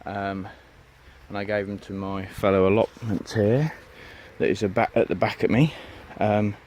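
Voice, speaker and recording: A man's voice: on the low side, fairly even intonation, moderate pace, a little mellow, a little hiss or hum. A man giving a rambling, chatty tour of his allotment outdoors, full of ums and asides. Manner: rambling, chatty, lots of ums and "you know what I mean". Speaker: allotment vlogger. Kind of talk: casual walk-and-talk vlog.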